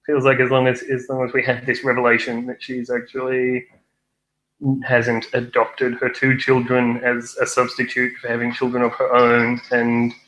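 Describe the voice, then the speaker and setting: A man's voice: mid-range voice, monotone, normal speed, a bit bright. A young man co-hosting a film review podcast, chatting casually with a wry, rambling delivery. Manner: rambling, wry, many fillers and restarts. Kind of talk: casual chat. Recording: roomy echo.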